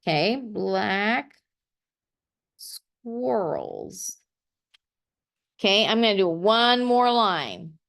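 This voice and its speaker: A woman's voice: medium pitch, very animated, drawn-out words, gravelly, pauses often, a bit bright. A middle-aged woman teaching a poetry lesson. She thinks aloud while she writes and keeps checking in with "okay.". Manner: encouraging, checks in with frequent okays. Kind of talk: classroom-style poetry lesson.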